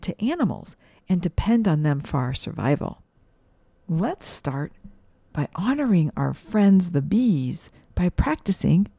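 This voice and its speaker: Slow, mellow woman guiding kids' meditation. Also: on the low side, very animated, creaky, no echo. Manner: slow, soothing, gently questioning. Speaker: mindfulness teacher for kids. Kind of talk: guided breathing meditation.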